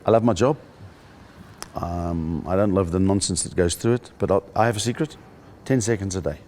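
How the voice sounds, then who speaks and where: A middle-aged South African man, a stand-up comedian, telling stories in an interview and jumping into high voices for the punchlines. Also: normal speed, a little hiss or hum. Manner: animated storyteller, jumps into high-pitched voices for jokes. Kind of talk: interview with comic anecdotes.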